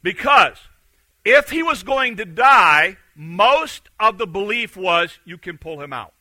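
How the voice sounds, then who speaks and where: A man preaching a sermon, animated and acting out the quotes he reads, swinging between loud and hushed. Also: sits high, slow pace, no echo, low-quality recording.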